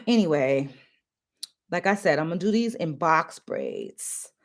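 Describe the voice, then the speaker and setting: A woman's voice: deep voice, lively intonation, slow. A middle-aged woman chatting casually through a hair tutorial, confiding and full of fillers, recorded on a phone. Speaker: natural hair vlogger.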